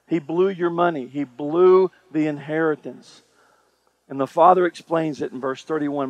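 A man's voice: on the high side, measured pace, no room sound. A male pastor delivering a sermon, emphatic and repetitive, speaking straight to the congregation. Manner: emphatic preaching, repeats phrases, addresses congregation directly.

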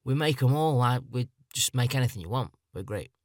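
A man's voice: medium pitch, lively intonation, a little fast, no echo, clean studio sound, close to an everyday voice. A man voicing the country of Japan as a generous, boastful, matey bloke, in his own plain voice.

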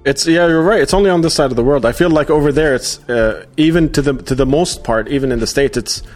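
A man talking casually in a podcast chat, relaxed and hesitant with fillers. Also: a little high, fast talker, soft background music. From Australia-born, raised in Jordan.

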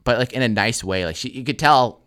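A man's voice: mid-range voice, fairly quick, a bit bright, clean tone. A man co-hosting a podcast, telling a story casually with plenty of swearing and filler words. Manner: laid-back, heavy swearing, lots of "like". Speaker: podcast co-host.

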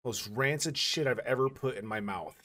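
A man hosting a podcast, telling crude stories in a loose, animated way. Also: mid-range voice, normal speed. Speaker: podcast host. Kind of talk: casual podcast chat.

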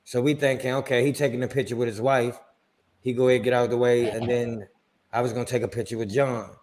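A man, a podcast co-host telling a funny story in casual chat, his voice jumping up when he quotes himself. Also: fast talker. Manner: animated storyteller, pitch jumps on quoted lines.

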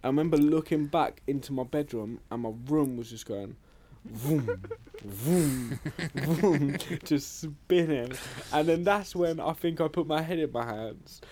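A man's voice: on the high side, moderate pace, few pauses, dark tone, a little hiss or hum. A young man co-hosting a casual podcast, rambling and swearing a lot. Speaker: podcast co-host.

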